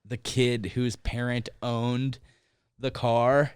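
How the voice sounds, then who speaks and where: A man's voice: mid-range voice, slow, clear, resonant tone, dry recording, studio quality. A man co-hosting a podcast, telling a story in casual chat and using "like" a lot. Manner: animated storyteller, heavy use of "like". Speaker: podcast co-host.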